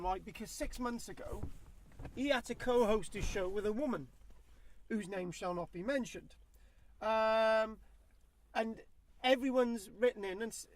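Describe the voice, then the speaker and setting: A man co-hosting a podcast, ranting in casual opinionated chat and tagging his points with "right?". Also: very high voice. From England. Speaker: podcast co-host.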